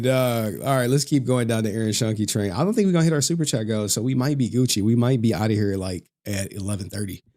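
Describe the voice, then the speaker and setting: Profane, heated livestream host. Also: male voice, mid-range voice. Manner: profane, heated, swearing constantly. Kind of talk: casual livestream rant.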